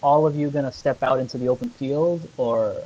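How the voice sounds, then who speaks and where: A man's voice: medium pitch, a little fast, dark tone, highs cut off. A young man as game master of a tabletop game, speaking hesitantly with many fillers. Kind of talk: running a tabletop game over voice chat.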